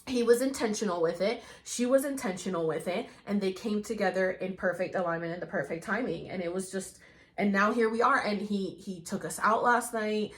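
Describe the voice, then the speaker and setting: A woman's voice: mid-range voice, brisk. A woman hosting a casual chat podcast, talking eagerly with frequent restarts. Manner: enthusiastic, talks over guest, frequent restarts. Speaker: podcast host.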